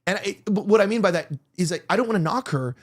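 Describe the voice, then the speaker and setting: A man's voice: high voice, quick pace. Rambling man hosting a chat show. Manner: rambling, emotional, with many restarts; provocative joking. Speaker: podcast host. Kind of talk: casual opinion chat.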